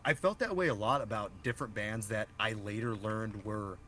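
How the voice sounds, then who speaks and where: A man's voice: lowish voice, brisk, fairly bright tone, slight background noise. A young man co-hosting a podcast in casual chat, rambling and hedging with many restarts. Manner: rambling, hedging, self-interrupting. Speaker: podcast co-host.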